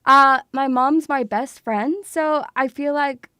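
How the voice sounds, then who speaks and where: A woman's voice: sits high, takes it slowly, sharp tone, no room sound, studio quality. A young woman, streaming in casual chat, swearing freely and calling her viewers sweetie. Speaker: VTuber streamer.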